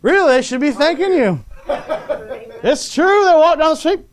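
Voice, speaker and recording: A man's voice: very high-pitched, expressive, normal speed, long pauses. A man preaching a sermon as pastor, repeatedly asking the congregation for an amen, with chuckling asides.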